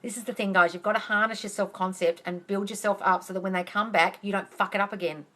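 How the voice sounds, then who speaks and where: A woman's voice: medium pitch, steady tone, fast, pushed and bright. A woman hosting a casual live-stream Q&A on a phone, blunt and emphatic, swearing freely and calling viewers darling. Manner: heated and emphatic, ranting. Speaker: manifesting coach hosting a live Q&A.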